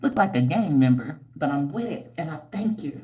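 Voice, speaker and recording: A livestream host and hair care entrepreneur reads viewer comments in a casual stream, blunt, slangy, and teasing, animated and preachy with frequent squeals and laughs. Her voice is deep and moderately paced, and the audio is dull and echoey with slight background noise.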